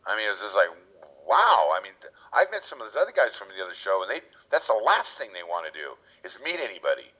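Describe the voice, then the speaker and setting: A man's voice: on the low side, quick pace, slightly rough. A man guest telling casual stories and acting out the people in them. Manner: animated storyteller, acts out quotes. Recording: lo-fi muffled audio.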